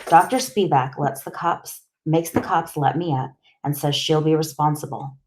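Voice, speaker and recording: Brief: woman audiobook narrator, low voice, plain steady delivery. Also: normal speed. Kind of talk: first-person audiobook narration.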